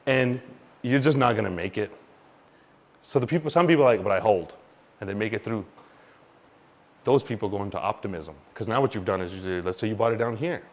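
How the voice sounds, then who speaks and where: A man teaching about crypto market cycles in an animated, expressive way, swinging between loud and quiet and mimicking panicked investors. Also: on the low side, brisk, long pauses. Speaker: crypto educator. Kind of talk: explanatory talk to camera.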